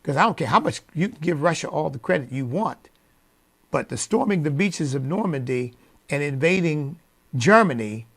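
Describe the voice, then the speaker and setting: A man hosting a radio show, delivering a preacherly opinion monologue that swings from low asides to loud, emphatic peaks.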